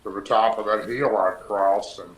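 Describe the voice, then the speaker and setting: A man's voice: fairly low pitch, steady tone, moderate pace, slight background noise. A man, a guest on a podcast, telling a long personal story in a rambling, breathless way, linking his clauses with "and". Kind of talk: storytelling in a casual interview. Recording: roomy echo.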